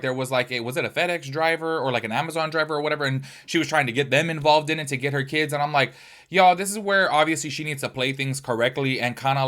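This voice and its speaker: A man hosting a commentary video, chatty and casual, full of slangy fillers. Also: a bit bright. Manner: chatty, with slangy fillers like "low-key" and "y'all". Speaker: commentary channel host.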